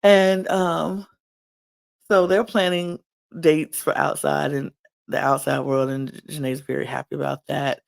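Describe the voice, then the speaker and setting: A man's voice: a little high, little pitch movement, unhurried, gravelly. A male podcast host chatting casually as he recaps a reality show and quotes what people said. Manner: chatty retelling full of quoted dialogue.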